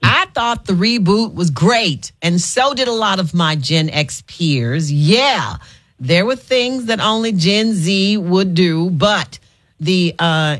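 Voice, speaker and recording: A woman hosting a call-in radio show, playful and bossy, laughing often as she chats. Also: on the low side. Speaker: radio talk show host. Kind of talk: casual call-in chat.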